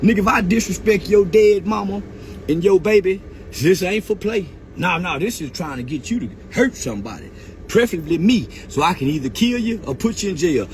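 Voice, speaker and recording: A man's voice: high-pitched, animated, a little fast, a little hiss or hum. A man on a long mocking rant, taunting his target with jeers and animal noises. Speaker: commentator.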